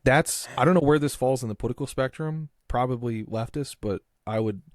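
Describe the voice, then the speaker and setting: A man hosting a podcast talks fairly quickly in a mid-range voice, rambling casually, dropping and restarting sentences, and filling gaps with lots of "like." The audio is clean studio sound with no room sound.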